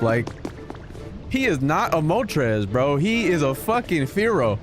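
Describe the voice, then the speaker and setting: A man's voice: on the high side, big pitch swings, slow. A man streaming a video game, chatting casually, joking and swearing freely as he plays. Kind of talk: casual gameplay commentary. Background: game music.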